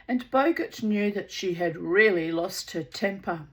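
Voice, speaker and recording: A woman narrating a novel aloud in a measured, unhurried way. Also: medium pitch, rough recording. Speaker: audiobook narrator.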